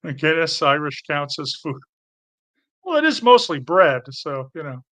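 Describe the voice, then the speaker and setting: A man's voice: a little high, sing-song, a little slow, a bit bright. A man with a light Canadian accent chatting casually as host, rambling a little and often restarting his sentences while he answers comments. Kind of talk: casual livestream chat.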